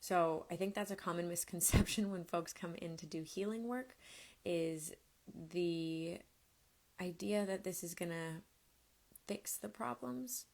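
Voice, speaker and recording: A woman somatics coach giving a live-streamed teaching talk, explaining in a gentle, unhurried way. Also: lowish voice, vocal fry.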